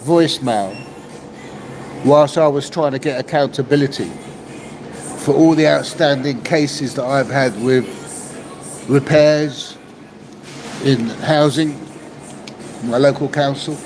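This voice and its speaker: A middle-pitched Cockney man in his fifties rants to his listeners in a loose, emphatic podcast monologue, tagging his points with a questioning "yeah?". Steady noise and passing vehicles sit behind his voice in a rough, unpolished recording. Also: slow, long pauses. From East Central London. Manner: emphatic, ranting, keeps asking "yeah?". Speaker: podcast host. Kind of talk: casual monologue. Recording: noisy, with vehicle sounds behind.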